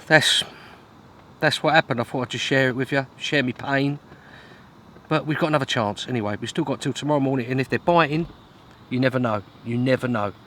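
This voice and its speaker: A man's voice: mid-range voice, fairly bright tone, a little hiss or hum. A man talking to camera while fishing outdoors, chatty and self-mocking, with grumbling asides. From Britain. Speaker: fishing vlogger. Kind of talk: casual vlog to camera. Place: outdoors at a lake in wind and rain.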